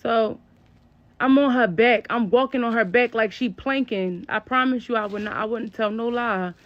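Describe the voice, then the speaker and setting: Young woman, storytime narrator, blunt and slangy, high-ish voice, dull dry lo-fi recording. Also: normal speed. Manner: blunt, slangy, spelling out curse words. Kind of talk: casual storytime.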